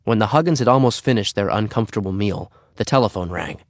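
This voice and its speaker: A man reading a children's story aloud in an expressive way. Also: on the low side, fast, no echo, clean studio sound. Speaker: narrator.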